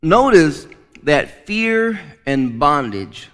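A man's voice: a little high, sing-song, drawn-out words, a bit bright, smooth. A man preaching a sermon as pastor, emphatic, often repeating and restarting words. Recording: long reverb of a large hall.

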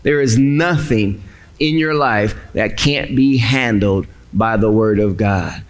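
A male pastor preaching a sermon with dramatic pauses. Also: on the low side.

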